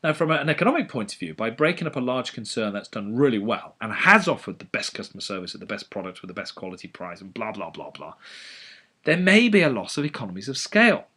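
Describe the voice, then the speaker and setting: Animated, sardonic lecturer. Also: male voice, lowish voice, fast talker, breathy edge. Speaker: economics lecturer. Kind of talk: educational lecture.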